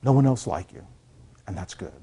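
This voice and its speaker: A man's voice: on the low side, lively intonation, moderate pace, dark tone, husky. A man, a college counselor, giving an earnest classroom talk to students and checking in often to make sure they follow. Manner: earnest, repeats key points, checks in with "okay?".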